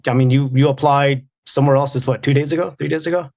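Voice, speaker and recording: A man's voice: mid-range voice, fairly even intonation, quick pace, vocal fry, a little mellow, a little hiss or hum. Male podcast host, mid-range voice, encouraging and thoughtful in conversation. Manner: supportive, reflective, speaks to listeners. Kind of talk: casual podcast chat.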